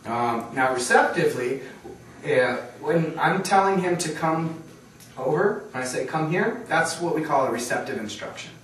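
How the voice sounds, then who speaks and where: A man's voice: a little high, expressive, moderate pace, a bit bright, slight background noise. A man teaching a training workshop, quizzing the audience and checking that they follow along. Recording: very echoey room, far from mic.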